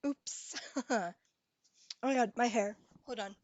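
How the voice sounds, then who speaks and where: A woman's voice: on the high side, takes it slowly, darkish tone, muffled recording, a little hiss or hum. A young woman hosting a casual live stream, chatting with her viewers, reading their messages aloud and giggling often.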